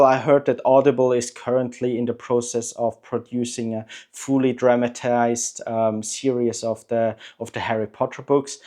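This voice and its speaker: A man hosting a book channel, talking to camera in a relaxed, chatty way with frequent hesitations and clear opinions. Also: medium pitch. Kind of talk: casual talk to camera.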